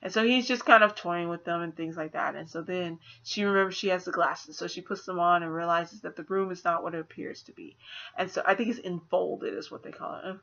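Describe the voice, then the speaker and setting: A woman giving a casual spoiler movie review, chatty and animated, acting out quotes with laughs. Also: lowish voice, brisk. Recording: slightly dull lo-fi audio.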